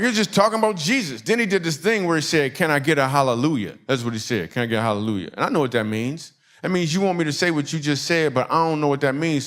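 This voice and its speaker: A man from Michigan doing a stand-up comedy set, telling stories and acting out the people in them. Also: on the high side. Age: adult. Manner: animated, acts out quoted voices, laughter in the crowd.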